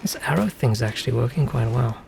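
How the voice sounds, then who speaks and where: A man talks through his gameplay in a casual, rambling way, wandering into musings about words. His voice has a gravelly, creaky edge. Faint music plays underneath. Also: medium pitch, expressive, a little fast, darkish tone. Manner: musing, chatty, wanders off on tangents. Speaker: streamer.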